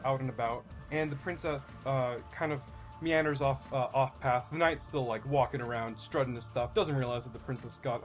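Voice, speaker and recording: A man taking his turn in a casual group story game, loose and hesitant. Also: medium pitch. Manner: loose, hesitant, laughing easily.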